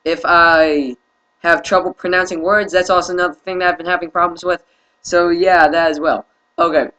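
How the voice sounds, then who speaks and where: A tired young man talks through a casual how-to tutorial, pausing often and apologizing as he goes. His voice is bright and a touch high, and he hesitates over his words. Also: low-quality recording. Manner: hesitant, apologetic, many fillers. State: tired, yawning. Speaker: video host.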